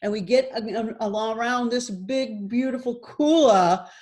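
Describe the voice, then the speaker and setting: Animated middle-aged yoga teacher. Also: female voice, on the high side, unhurried. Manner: lively, animated storytelling. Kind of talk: workshop talk with storytelling.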